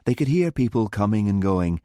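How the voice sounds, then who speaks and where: A man with a fairly low voice tells a mystery audiobook story from a script, his delivery measured yet expressive. The studio-quality recording has no room sound.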